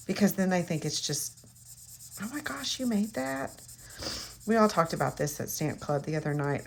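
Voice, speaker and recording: A middle-aged woman, chatting casually and rambling while demonstrating a craft. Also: on the low side. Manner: chatty, rambling, self-mocking. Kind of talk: casual crafting tutorial chat.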